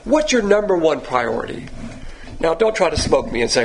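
A male Bible teacher preaching in a blunt, emphatic way, throwing rhetorical questions at his listeners. His voice sits a little high and carries a gravelly edge. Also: very animated, normal speed, slight background noise. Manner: pointed, confrontational preaching. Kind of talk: sermon.

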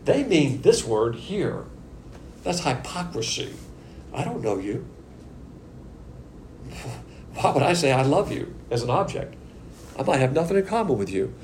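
A man's voice: on the high side, big pitch swings, normal speed, long pauses, a little mellow. A man teaching a sermon-style Bible lesson at a board, folksy and conversational with slangy asides. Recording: echoey room with faint noise.

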